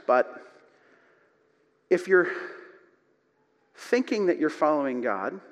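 A male pastor preaching a sermon to his congregation, telling stories with animated swings between loud and quiet. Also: on the high side. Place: church sanctuary. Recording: long reverb of a church hall.

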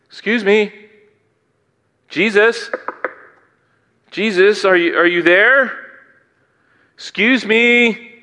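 A man's voice: high-pitched, extremely slow, pauses often, sharp tone, pitched above the performer's own voice, exaggerated voice. A man voicing a desperate woman begging for help, pleading in repeated calls. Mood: mock polite. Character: desperate begging mother from ancient times. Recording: long hall reverb.

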